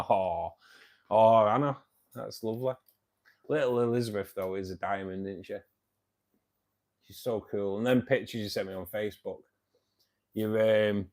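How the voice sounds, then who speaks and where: Mancunian bloke in his 50s, lowish voice, chatty livestream host, says mate loads. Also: a little mellow. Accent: Mancunian English. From England, Manchester. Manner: chatty and matey, keeps saying "mate". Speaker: livestream host of a fishkeeping club. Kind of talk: casual livestream chat answering viewers.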